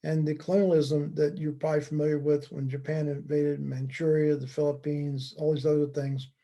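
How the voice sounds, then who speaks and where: A man from the United States giving a slide-based presentation lecture, conversational and wry, with deadpan joking asides. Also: fairly high pitch, a little fast, muffled recording. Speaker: speaker giving a talk.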